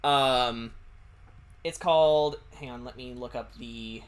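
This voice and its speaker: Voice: mid-range voice, slow. A streamer chatting casually while drawing, rambling and hesitant with lots of fillers. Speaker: streamer and artist.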